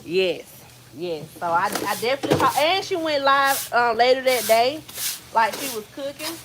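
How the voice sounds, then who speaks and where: A woman's voice: a little high, lively intonation, moderate pace, background noise. A woman from New Jersey chatting casually with viewers on a livestream, telling stories and greeting people by name. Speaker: vlogger hosting a livestream.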